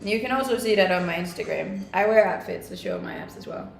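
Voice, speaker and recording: A young woman whose first language is Scandinavian chats on a live stream, cheerfully answering viewer comments and laughing often. Her English carries a mixed accent with a Scandinavian tinge. Mid-range in pitch, she talks briskly with lively intonation, in an echoing, roomy recording with slight background noise.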